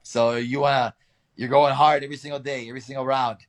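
Laid-back young fighter telling stories. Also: male voice, medium pitch, a little fast. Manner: relaxed, laughs often, storytelling with acted quotes. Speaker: interviewed fighter. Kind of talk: casual interview answers.

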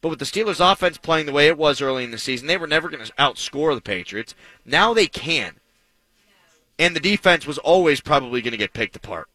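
A man's voice: on the high side, lively intonation, fairly quick, bright, forceful tone, no room sound, poor audio. A man hosting a sports talk radio show, talking in an emphatic, punchy way with self-mocking asides, on a studio microphone.

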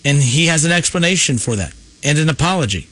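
Brisk male sports radio host. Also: fairly high pitch, lively intonation, a bit bright. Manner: brisk, conversational, frequent "uh" fillers. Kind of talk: radio hosting.

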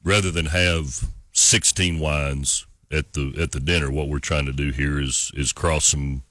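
A man in the wine business, a guest on a morning radio show, explaining wine pairings in a measured way. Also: a bass voice, steady tone, fairly bright tone, no echo, clean studio sound. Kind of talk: casual radio chat.

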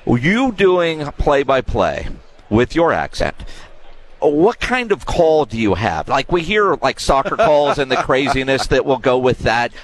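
A man's voice: mid-range voice, very animated, a little slow, poor audio. A man hosting a sports radio show, asking curious, joking questions in casual chat.

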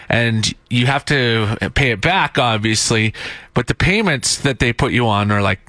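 A man's voice: mid-range voice, pushed and bright, no room sound. A man hosting a morning radio show, chatty and teasing his co-hosts.

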